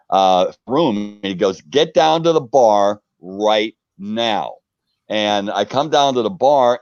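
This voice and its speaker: A middle-aged man from the United States, a guest on a live video chat, telling stories in a casual, animated way and acting out the quotes. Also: lowish voice, dry recording, highs cut off. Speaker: interview guest. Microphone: video call.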